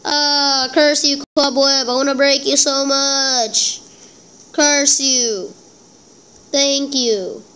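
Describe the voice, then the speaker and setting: A woman with a high voice narrates her gameplay in slow, drawn-out phrases. She is excitable and self-deprecating, talking straight to her viewers as she plays. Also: low-quality recording. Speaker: gameplay channel host. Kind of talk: casual gameplay commentary.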